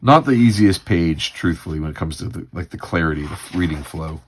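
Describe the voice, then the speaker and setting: A man's voice: low voice, expressive, brisk, slight background noise. A man hosting a comics read-through livestream, musing casually with many fillers.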